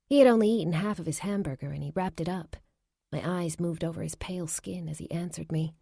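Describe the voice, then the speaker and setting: A woman's voice: lowish voice, a little fast, creaky, warm tone, breathy edge, dry recording, studio quality. A woman narrating a first-person fantasy romance audiobook, lightly voicing the heroine.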